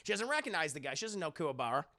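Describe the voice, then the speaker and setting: A male streamer tears through a casual, swear-filled recap of an anime episode, joking and laughing as he goes. His voice sits high and bright with a gravelly fry. The talk is excitable and loose. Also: very fast. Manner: excitable, jokey, swears often, laughs a lot. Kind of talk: casual profane recap with acted-out quotes. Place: streaming setup at home.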